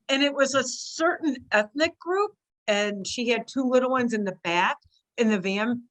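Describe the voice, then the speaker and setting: Bright-voiced woman telling a story. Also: moderate pace. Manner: animated, acts out her own past lines in a shrill cry. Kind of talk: casual storytelling.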